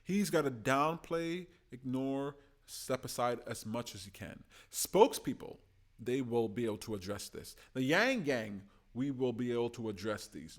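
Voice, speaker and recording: Brief: male solo commentator, impassioned, swings between loud urging and hushed asides. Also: mid-range voice. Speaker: political commentary host.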